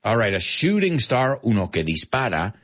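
A man teaching English on a live stream, playful and animated, often laughing at his own jokes. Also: fairly low pitch, moderate pace. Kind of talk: casual live-stream language lesson.

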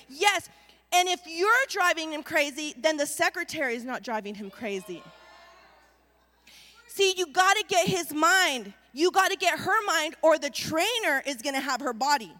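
A woman pastor preaching a lively sermon with call-and-response to the congregation. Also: high voice, moderate pace, in a large hall.

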